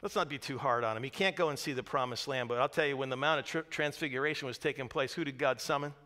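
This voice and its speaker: A man preaching a sermon as pastor, swinging from hushed, quiet words to loud, shouted storytelling. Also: mid-range voice, fast. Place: church sanctuary. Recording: reverberant church hall.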